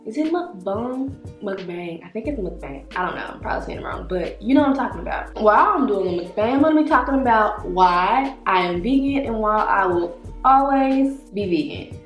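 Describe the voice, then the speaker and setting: A young woman talks casually to her camera, chatty and playful, and sometimes drops to soft murmurs between bites. Her voice sits in the middle of the usual range for a woman. She is recorded in an echoey room with faint music playing underneath. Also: medium pitch, expressive, fast talker, few pauses, lo-fi sound. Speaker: wellness vlogger.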